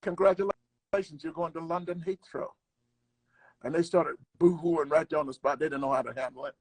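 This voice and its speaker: A man's voice: a little high, steady tone, brisk, no echo. An older man, a comedian, telling a travel story in casual conversation, acting out the people he quotes. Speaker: guest comedian.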